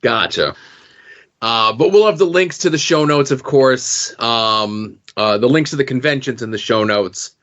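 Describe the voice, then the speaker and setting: A man's voice: medium pitch, a little slow, a bit bright. A man hosting a podcast, reading off links and show plugs in a chatty way, with plenty of "uh"s. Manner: chatty, with filler "uh"s. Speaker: podcast host. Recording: dull lo-fi audio.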